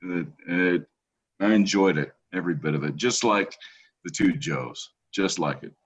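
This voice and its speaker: Low-voiced man, chatty podcast co-host. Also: normal speed, husky. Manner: chatty and teasing, upbeat. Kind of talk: casual chat. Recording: dull lo-fi podcast audio.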